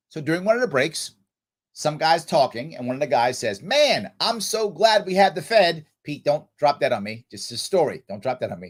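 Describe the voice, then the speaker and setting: Animated man on a livestream Q&A. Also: mid-range voice. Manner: animated storytelling, acts out other voices. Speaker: livestream host answering viewer questions. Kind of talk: casual livestream Q&A.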